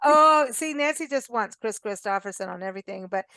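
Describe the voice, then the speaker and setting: A woman's voice: mid-range voice, expressive, fairly quick, bright, forceful tone, dry recording, clean studio sound. A woman hosting a radio chat show, chatty and enthusiastic, teasing her guests. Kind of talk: casual chat.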